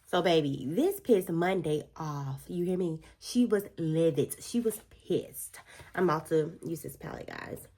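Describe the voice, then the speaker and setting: A woman's voice: deep voice, lively intonation, unhurried, warm tone. A woman vlogger chatting through a book review while doing her makeup, telling the story expressively with slangy asides.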